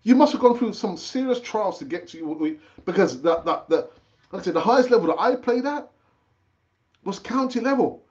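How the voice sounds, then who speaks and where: Chatty, animated man hosting football talk. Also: moderate pace, dull audio. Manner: chatty and animated, pitch jumping up when excited; rambling with frequent fillers and restarts. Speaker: football channel host. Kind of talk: casual live-stream football chat.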